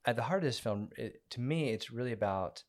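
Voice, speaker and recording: A man co-hosting a casual movie review chat, easygoing and measured with some filler words. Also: medium pitch, lively intonation. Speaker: podcast co-host reviewing a movie.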